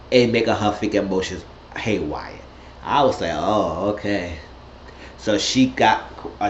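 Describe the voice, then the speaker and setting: A man casually recapping a reality show, animated and profane, often jumping into high shrieky voices for quoted lines. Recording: roomy, dull lo-fi audio with faint hiss.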